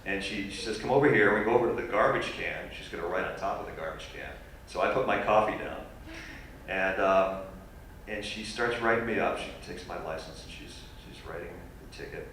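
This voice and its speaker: A man telling a funny personal story as a guest speaker at a university lecture, animated and self-deprecating. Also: low-pitched, brisk, a little hiss or hum. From New York. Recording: echoey hall recorded from far off.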